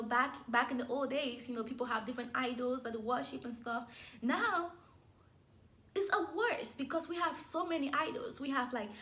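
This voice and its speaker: A young woman with a high voice tells her own faith story. She speaks openly and with feeling, and short laughs slip in between the words. It sounds like a personal, heartfelt testimony. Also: fairly bright tone. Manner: candid and emotional, with light laughs.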